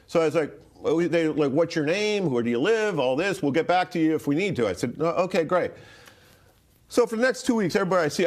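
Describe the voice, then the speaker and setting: A man's voice: a little high, lively intonation, quick pace, darkish tone. A man from Rhode Island telling a story casually, rambling with fillers, restarts and swearing. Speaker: interview guest.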